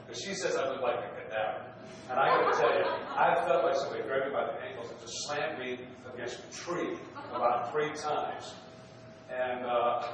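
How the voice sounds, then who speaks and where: A middle-aged man, a minister, tells a personal story from the pulpit in a relaxed, humorous, conversational way, often restarting his phrases. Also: medium pitch. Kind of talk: storytelling sermon. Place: church sanctuary. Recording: very echoey hall, distant, noisy.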